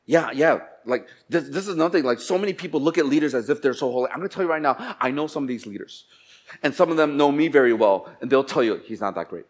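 A man's voice: medium pitch, quick pace. Male pastor, sermon, church, dramatic volume swings, acts out quoted voices. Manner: dramatic swings between hushed and loud, quoting voices.

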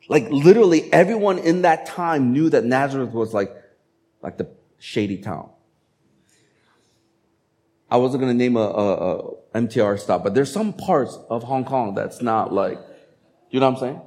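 A male pastor delivers a sermon with a mellow, warm tone. His delivery is conversational and animated, and he slips into little acted-out voices when quoting people. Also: mid-range voice, moderate pace.

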